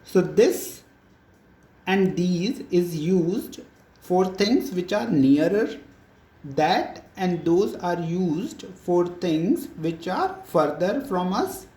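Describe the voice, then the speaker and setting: A teacher giving a recorded grammar lesson, explaining slowly and deliberately with many examples. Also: medium pitch, dark tone. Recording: echoey room.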